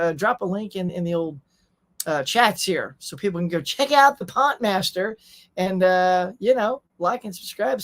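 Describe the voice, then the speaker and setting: Man, livestream host, relaxed chatty talk, reads out chat messages, says y'all. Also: sits high.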